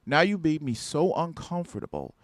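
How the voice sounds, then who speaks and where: A man voicing an indignant woman caught shoplifting, raising his voice high in offense. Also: lively intonation, normal speed, no room sound, clean studio sound, natural voice.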